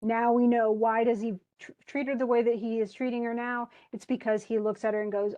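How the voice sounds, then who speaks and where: A woman's voice: on the high side, flat delivery, a little fast, dark tone, muffled recording. Chatty woman teacher explaining a story. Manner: conversational, many fillers and restarts, reads story passages aloud. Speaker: college English teacher. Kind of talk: literature lecture.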